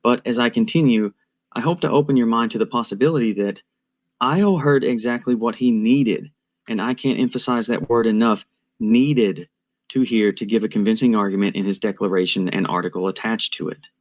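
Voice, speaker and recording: A man with a slightly low voice narrates a prepared commentary. He lays out each point in a measured, deliberate and analytical way. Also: muffled recording.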